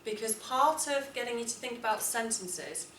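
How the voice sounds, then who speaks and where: A woman teaching a writing lesson to a class, clear and deliberate, stressing words as she reads model texts aloud. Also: on the high side, a bit bright, slight background noise. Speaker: English teacher. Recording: echoey classroom, from a distance.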